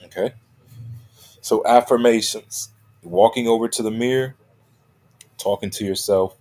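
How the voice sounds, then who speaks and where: A man's voice: lowish voice, fairly even intonation, a little slow, darkish tone. A man giving a motivational talk as a coach. He stresses his key phrases and keeps checking in with "right?" and "okay?". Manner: emphatic, repeats key phrases.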